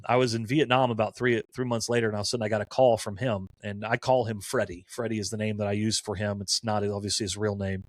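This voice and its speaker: A man's voice: lowish voice, dry recording, clean studio sound. A man in his forties, a campus minister, telling stories in casual conversation and acting out the quoted dialogue. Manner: animated storyteller who acts out quoted dialogue.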